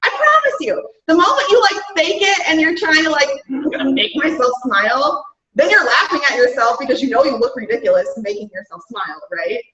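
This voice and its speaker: Upbeat high-voiced woman coaching her team. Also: animated, fast talker, hardly any pauses, pushed and bright. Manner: upbeat, chatty, lots of "guys" and "right?". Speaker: fitness business coach. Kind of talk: motivational talk to a team. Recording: roomy, distant, dull-sounding mic.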